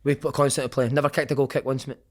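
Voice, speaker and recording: A Scottish man in middle age talks at a quick clip, full of stories. He swears freely, tacks "mate" onto most lines and keeps the energy up. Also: medium pitch, little pitch movement. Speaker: podcast guest, former footballer. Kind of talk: animated storytelling chat.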